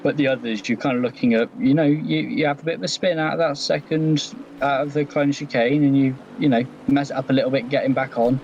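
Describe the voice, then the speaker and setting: A man's voice: medium pitch, fairly even intonation, fast talker, vocal fry, hardly any pauses, a little mellow, dull audio, slight background noise. A man co-commentating a sim race in an easygoing way with many fillers. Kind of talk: live sim racing commentary.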